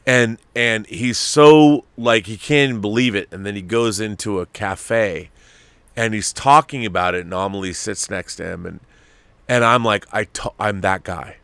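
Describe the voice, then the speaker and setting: A middle-aged man hosting a podcast, telling stories in an animated, emotional way with many restarts. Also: lowish voice, normal speed, gravelly, smooth, dry recording. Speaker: podcast host. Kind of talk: casual chat.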